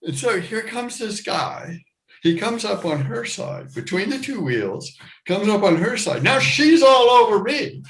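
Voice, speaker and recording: A middle-aged American man tells a personal story on stage, his voice sitting a little high. He is animated and leaps into loud, high-pitched voices to act out the people in the tale. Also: a little slow, rough recording. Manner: animated, acts out his younger self and others with loud high shouts.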